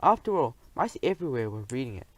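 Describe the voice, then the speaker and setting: A man reads a children's audiobook in the first person. His telling is lively and expressive, and his voice sits at an everyday pitch. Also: fast, no room sound, rough recording. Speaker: audiobook narrator. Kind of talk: first-person storybook narration.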